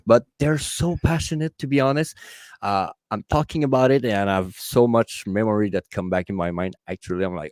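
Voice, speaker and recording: Quebec French-accented man, low and dry. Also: lively intonation, darkish tone, dry recording. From Quebec, Canada. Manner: halting, searching for English words. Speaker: guest content creator. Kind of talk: casual interview chat.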